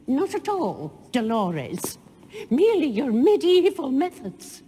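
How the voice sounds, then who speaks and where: An actress with a British accent playing a stern, dignified older woman teacher who speaks in a crisp, clipped way. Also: high-pitched, sing-song, slow, dark tone, in a large hall, a little hiss or hum, full character voice. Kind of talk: film scene acting.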